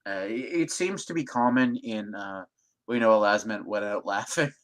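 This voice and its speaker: A man co-hosting a stream in casual chat, joking with dark humor and laughing often. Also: on the low side, normal speed. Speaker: stream co-host.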